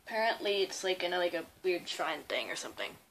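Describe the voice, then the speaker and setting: A woman's voice: on the low side, big pitch swings, quick pace, a bit bright, a little hiss or hum. A young woman casually commenting while playing a video game, rambling and easily surprised. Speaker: gaming YouTuber. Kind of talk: casual let's-play commentary. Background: game music.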